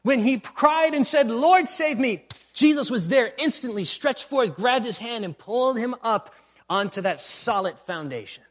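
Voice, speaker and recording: A man's voice: extremely high pitch, animated, unhurried. A man preaching a sermon, building to emphatic bursts and repeating refrains. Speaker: pastor.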